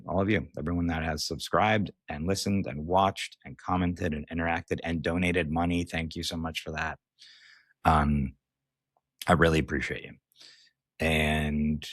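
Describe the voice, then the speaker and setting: Low-voiced American man, candid and rambling. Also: slightly rough, dry recording, studio quality. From United States. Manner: candid, rambling, self-mocking. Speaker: podcast host and comedian. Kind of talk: solo podcast monologue. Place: recording while on tour away from home.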